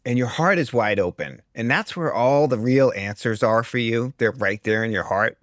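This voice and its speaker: A straight-talking man from the US East Coast, speaking at an ordinary middle pitch. He is a breathwork teacher chatting as a guest, blunt and emphatic. The recording is close and dry, with no room sound. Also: normal speed, no echo. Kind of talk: casual conversation.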